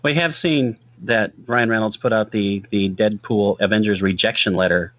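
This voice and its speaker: A man's voice: fairly low pitch, normal speed, a bit bright, no echo. A man co-hosting a casual film podcast, chiming in with jokey remarks. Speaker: podcast co-host. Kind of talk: casual movie podcast chat.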